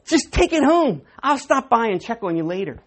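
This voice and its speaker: A woman putting on a chirpy, pushy small-town shopkeeper guy in a sermon story. He is pitched up a touch and husky, selling hard with upbeat enthusiasm. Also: very animated, moderate pace. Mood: eager. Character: eager small-town male store owner, salesman.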